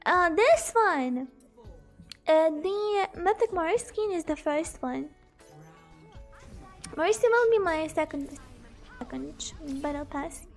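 Very high-voiced young woman streamer. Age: young adult. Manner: sleepy, chatty, reacts loudly to the game. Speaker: game streamer. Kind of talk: casual gameplay chat.

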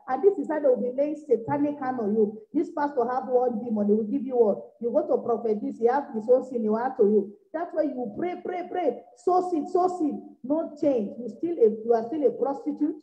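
A woman evangelist preaching a revival sermon, exhorting her listeners with repeated phrases that swing from soft to loud bursts. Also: high voice, a little fast, hardly any pauses. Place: church meeting room. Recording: echoey, dull lo-fi room recording.

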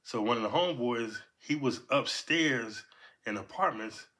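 Man in his 50s, from Los Angeles, casual storytelling, animated and profane, bright forceful voice. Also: measured pace. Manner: animated, profane, punctuates with "boom".

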